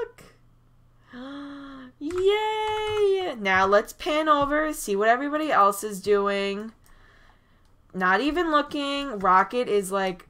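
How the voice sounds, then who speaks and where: A woman giving chatty, excitable commentary over a life-sim game, recorded on a desk mic at her computer. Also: medium pitch, a little hiss or hum. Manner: chatty and excitable, frequent "oh my gosh" and small gasps. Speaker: gaming YouTuber. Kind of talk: casual gameplay commentary.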